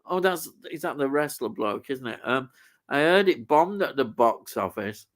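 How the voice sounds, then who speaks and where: A man's voice: mid-range voice, lively intonation, normal speed. A man from Leeds with a Yorkshire accent, hosting a live stream and reading out viewer comments in an easygoing way. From Leeds, England. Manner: easygoing, laughs often, says "aye" and "lad".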